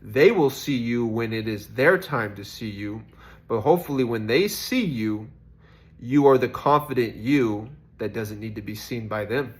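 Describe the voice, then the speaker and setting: A man's voice: medium pitch, lively intonation, a little slow, slight background noise. A young man in a casual, reflective faith vlog, rambling and questioning himself with lots of fillers. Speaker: faith vlogger.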